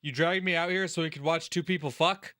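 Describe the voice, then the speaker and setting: A man's voice: fairly high pitch, steady tone, brisk, sharp tone, no echo. A man hosting a let's-play, reading game narration aloud and adding crude, sarcastic commentary.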